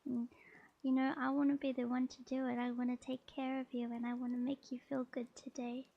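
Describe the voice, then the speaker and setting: A sleepy woman streamer doing a whispered role-play, speaking softly and slowly with gentle, repeated reassurances. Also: high voice, level tone, gravelly, no echo, highs cut off. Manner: soft, slow and soothing, repeating gentle reassurances. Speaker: VTuber streamer.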